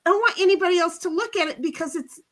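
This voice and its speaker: A woman's voice: extremely high pitch, racing, fairly bright tone. A woman hosting a casual livestream, chatting in a rambling way, laughing often and reading out the live chat. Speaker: livestream host.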